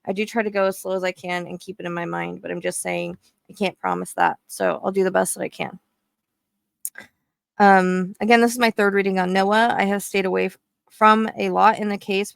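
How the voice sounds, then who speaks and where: Female psychic host with a fry-tinged voice, reading her notes aloud at a fast clip. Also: mid-range voice, no echo. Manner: fast-talking, explains at length with many restarts.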